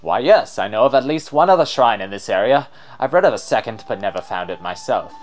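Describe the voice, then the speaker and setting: A man's voice: on the low side, expressive, brisk, close to an everyday voice. A man voicing a pompous, long-winded male explorer with a posh British accent and a theatrical manner. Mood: enthusiastic. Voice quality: theatrical, grandiose. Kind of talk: let's play voice-over.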